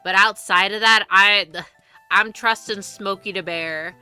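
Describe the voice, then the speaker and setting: A woman's voice: mid-range voice, steady tone, slow pace, pushed and bright, clear, resonant tone, dry recording, faint music behind. A young woman streaming live, chatting casually and rambling with frequent restarts and free swearing.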